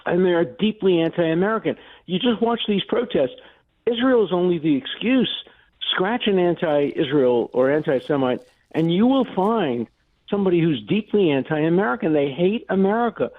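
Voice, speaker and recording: An older man, a law professor guest on a phone-in interview, speaking forcefully and indignantly, with emphatic repetitions. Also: sits high, lively intonation, normal speed, no room sound. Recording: dry tinny phone line.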